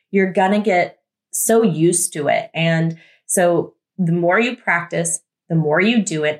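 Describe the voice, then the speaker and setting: Chatty woman giving advice, lowish voice. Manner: chatty, repeats words for emphasis, some fillers. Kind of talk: casual advice vlog.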